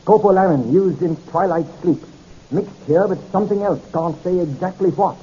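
A man voicing an eager, apologetic young male chemist who talks quickly and hesitantly. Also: high-pitched, mellow, breathy edge. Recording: dull lo-fi recording.

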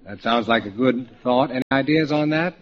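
A man hosting a comedy panel, calling on each guest with dry, brisk cues, on an old broadcast recording. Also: medium pitch, very noisy. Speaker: host. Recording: dull old broadcast recording with loud audience.

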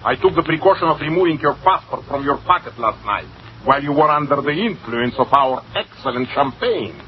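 A man's voice: fairly high pitch, expressive, a little fast, lightly acted. An actor playing a sly, gleeful accomplice who savors his tricks, in 1940s radio acting. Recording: dull old radio broadcast with faint hiss.

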